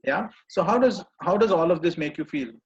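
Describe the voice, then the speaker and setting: A man coaching a live group, gently repeating reassuring phrases. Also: fairly high pitch, lively intonation, fairly quick, lo-fi sound. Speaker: personal growth coach.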